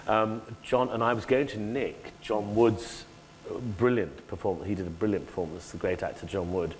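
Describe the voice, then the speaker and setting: Low-ish man chatting about acting, lively, restarts a lot, echoey hall w/ faint hiss. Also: moderate pace. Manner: animated, self-interrupting, acts out quoted lines. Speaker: actor, interview guest. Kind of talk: stage conversation about acting. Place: lecture hall before an audience.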